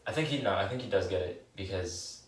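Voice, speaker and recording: A man's voice: deep voice, fairly quick, a little hiss or hum. A young man with a New York accent, telling stories in a laid-back way as a podcast co-host. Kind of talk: casual chat. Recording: roomy and distant from the mic.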